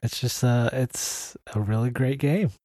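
A man co-hosting a casual podcast. He talks in a hesitant, low-key way and leans heavily on filler words. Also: unhurried, dark tone, no echo. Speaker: podcast co-host.

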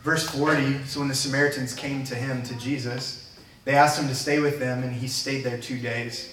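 A man's voice: mid-range voice, level tone, normal speed, fairly bright tone, echoey room, distant mic, a little hiss or hum, poor audio. A man preaching a sermon as a pastor in a church, earnest and conversational, talking plainly to his congregation. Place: church sanctuary.

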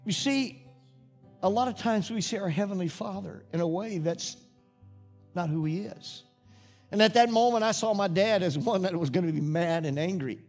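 Folksy preacher man, high voice. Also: normal speed, faint music behind. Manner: folksy storytelling, rising to fervent preaching. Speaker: pastor. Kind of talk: sermon with personal story.

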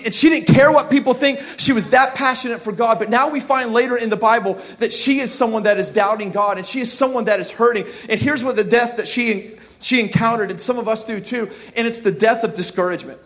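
A man's voice: very high voice, fairly quick, fairly bright tone. A male pastor giving an impassioned sermon, calling out to the congregation to repeat words and answer back. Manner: impassioned preaching with call-and-response.

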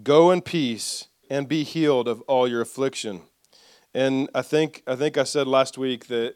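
A man preaching a sermon, reading scripture aloud and leading the congregation in call-and-response, with soft asides. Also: mid-range voice, unhurried, clean tone, dry recording, studio quality. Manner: lively, drops soft for asides. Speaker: pastor.

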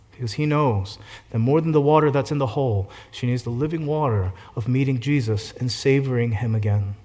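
A man preaching a sermon as a pastor, shifting from gentle hushed passages to loud fervent climaxes. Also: medium pitch.

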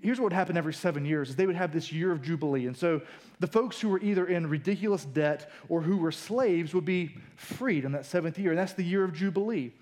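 A man preaching a sermon in an energetic, colloquial way, rising in pitch for emphasis. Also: fast. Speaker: pastor.

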